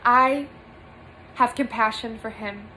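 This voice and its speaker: A woman's voice: a little high, slow, sharp tone, slight background noise, poor audio. A young woman giving an earnest spiritual monologue to camera from a small room, emphatic and repeating phrases for stress. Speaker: spiritual vlogger.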